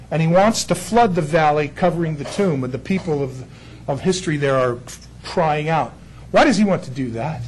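Male preacher, high husky voice, animated sermon, jokey asides. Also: rough recording. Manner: animated, jokey, acts out quoted figures.

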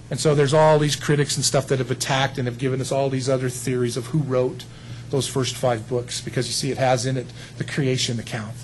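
A man preaching a sermon in a folksy, animated way, building up to emphatic peaks. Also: mid-range voice, slight background noise, low-quality recording. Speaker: pastor.

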